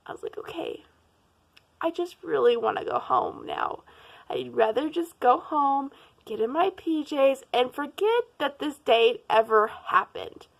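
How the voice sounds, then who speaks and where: Animated young woman telling a storytime. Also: high-pitched, measured pace, gravelly. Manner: animated, laughing, acts out quotes. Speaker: vlogger. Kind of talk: casual storytime.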